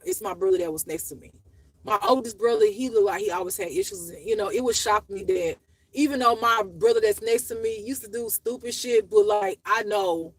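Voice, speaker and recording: A woman recounts her life casually in a raw, profane and emotional way, often rambling. Her voice has a gravelly fry. Her pitch sits in an ordinary middle range. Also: poor audio. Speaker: spiritual life teacher. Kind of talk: casual personal storytelling.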